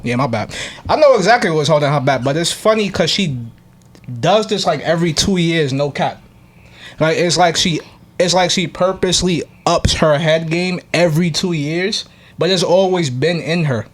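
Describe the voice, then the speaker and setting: A man co-hosting a podcast in relaxed, slangy chat, often answering in short agreeing words. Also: fairly high pitch, moderate pace. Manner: laid-back, short agreeing replies, slangy. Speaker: podcast co-host. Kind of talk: casual chat.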